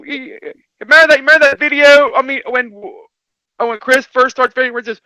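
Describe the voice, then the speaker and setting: A man with a very high, sharp, tense voice tells his stories excitedly, repeating himself and breaking into laughs. The sound is dry and close, with no room around it. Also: fast, no echo, poor audio. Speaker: livestream co-host. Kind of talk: casual chat.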